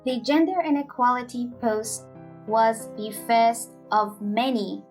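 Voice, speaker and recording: Slow, earnest young woman reading a story. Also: fairly high pitch, a little mellow, faint music behind. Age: young adult. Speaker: story reader. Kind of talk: scripted narration.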